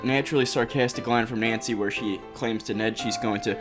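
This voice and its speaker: A man's voice: mid-range voice, steady tone, brisk, over music. A man co-hosting a video game review show, talking in an enthusiastic, conversational way. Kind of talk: casual review chat.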